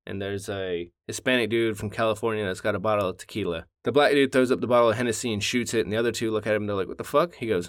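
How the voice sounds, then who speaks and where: A man's voice: fairly low pitch, dry recording. Podcast host, male, casual raunchy storyteller who does the voices in his jokes, dry recording. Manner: storytelling, acting out quotes, laughs at his own punchlines. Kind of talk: casual joke-telling among friends.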